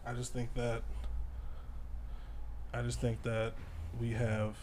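A man in casual podcast chat, talking in a relaxed, reflective and halting way. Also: mid-range voice, slight background noise.

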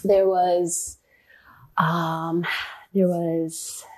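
A woman, a ballet dancer, answering interview questions in a thoughtful, halting way, often searching for words. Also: on the low side, level tone. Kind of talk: interview conversation.

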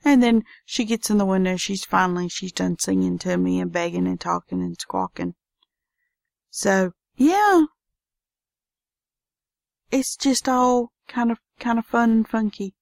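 A woman's voice: mid-range voice, a little slow, creaky, pauses often, a little mellow, dry recording, clean studio sound. A woman with a Southern US accent hosting a casual solo podcast from her home office, chatty and folksy. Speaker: podcast host.

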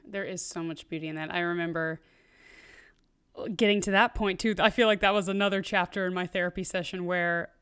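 A woman's voice: fairly low pitch, a bit bright, clear, resonant tone. A woman guest on a casual podcast, talking openly and chattily, working her thoughts out as she speaks. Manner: open, chatty, thinks aloud.

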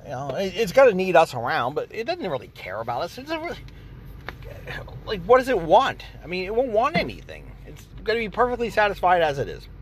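A man's voice: sits high, huge pitch swings, a little fast, slight background noise. A man hosting a podcast, rambling sarcastically and acting out imagined exchanges in a casual monologue. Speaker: podcast host.

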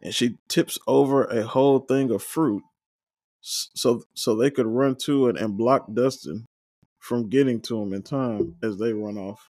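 Man host, casual recap, reads dialogue aloud, mid pitch, dry close mic. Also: unhurried, darkish tone, no echo. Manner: paraphrases scenes, quotes characters with brief joking asides. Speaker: watch-along podcast host.

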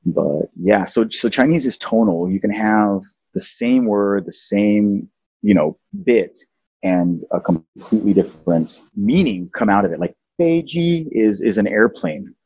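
A man's voice: on the low side, a little slow, a little mellow, slightly rough, no echo, muffled recording. A man hosting a casual talk show, playfully explaining language and singing out example tones. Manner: playful, teaching, sings out tones. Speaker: podcast host.

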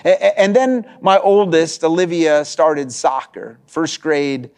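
Higher-voiced man preaching conversationally. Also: slow, a little mellow, smooth. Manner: conversational, storytelling with lots of restarts and "right?". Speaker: pastor. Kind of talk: sermon.

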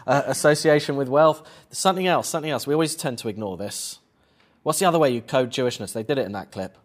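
A man's voice: mid-range voice, fast talker. A man giving a conversational public lecture on film, quizzing the audience as he goes. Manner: chatty, quizzes the audience with questions.

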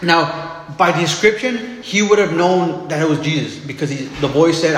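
A man with a somewhat high voice preaches a sermon, talking casually and often restarting his sentences. His voice rings out in a reverberant hall, with a long echo and faint room ambience behind him. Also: normal speed, slight background noise. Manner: conversational, fillers and repeated restarts.

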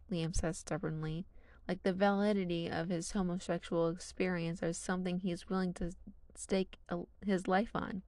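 A woman's voice: on the low side, little pitch movement, moderate pace, no room sound. A woman narrating a fan fiction story in a casual, wry reading style.

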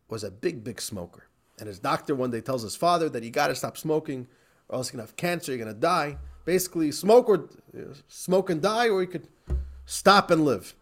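Lively rabbi teaching, animated man. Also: medium pitch. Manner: animated, laughs often, repeats for emphasis. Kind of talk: lively recorded class.

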